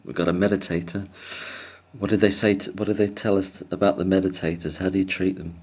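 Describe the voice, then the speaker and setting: A man's voice: sits low, fairly even intonation, fast talker, darkish tone, breathy edge. A man telling a casual, rambling story to camera, hesitant and self-deprecating, chuckling often. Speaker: vlogger.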